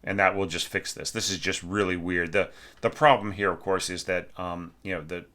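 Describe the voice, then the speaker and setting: Deep chatty man giving feedback on a score. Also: fairly even intonation, moderate pace, sharp tone. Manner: chatty and emphatic, sings phrases aloud to demonstrate. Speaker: orchestration teacher. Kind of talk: casual spoken feedback on a student's score.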